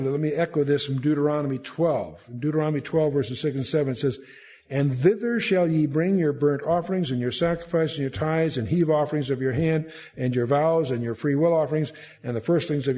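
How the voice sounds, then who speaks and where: A man's voice: a little high, mellow. An older man teaching a Bible study, reading scripture aloud and then explaining it with frequent restarts and filler words. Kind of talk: verse-by-verse Bible study lecture.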